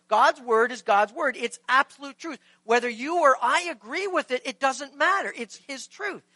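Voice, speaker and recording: This pastor's high voice comes through a rough recording without echo. His sermon is conversational, full of rhetorical questions to the congregation, and he brings scripture dialogue to life with animated voices.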